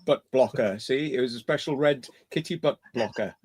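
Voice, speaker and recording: A man chatting on a casual livestream, rambling in fits and starts with plenty of swearing and laughter. His pitch sits in a middle range and his delivery is loose and conversational. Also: moderate pace, breathy edge, no room sound. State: kidney stone trouble. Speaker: livestream host.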